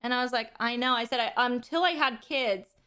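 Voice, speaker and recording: A young woman chatting casually on her live stream while she plays a game, her voice sitting a little higher than most. She tells rambling, animated stories, piling on fillers and restarts as she goes. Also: brisk, clear, resonant tone.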